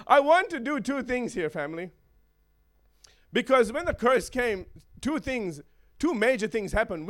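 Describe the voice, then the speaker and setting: A man's voice: very high voice, a bit bright. A man preaching a sermon in a playful way, chuckling often and checking in with his listeners.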